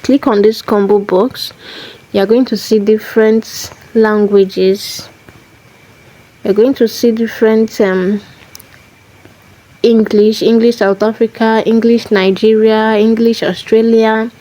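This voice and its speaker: Mellow-voiced woman explaining step by step. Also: fairly high pitch, flat delivery, slow, rough recording. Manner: methodical, repeats key phrases. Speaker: tutorial host. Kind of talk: step-by-step screen tutorial.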